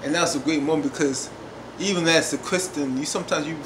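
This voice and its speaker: A man's voice: a little high, fast. Man reviewing a TV episode in casual chat, emphatic and repetitive, recorded in an echoey room with noise underneath. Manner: emphatic, repetitive, often says "y'all". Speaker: TV show reviewer.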